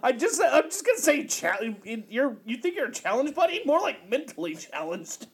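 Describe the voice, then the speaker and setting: A man's voice: extremely high pitch, very animated, moderate pace, breathy edge. A man hosting a podcast, teasing his co-host with crude jokes and frequent laughter. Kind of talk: casual comedic chat.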